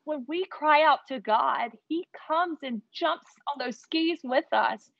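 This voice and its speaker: A woman telling a heartfelt personal story as an interview guest, earnest and animated. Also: sits high, slow, vocal fry, no room sound, dull audio.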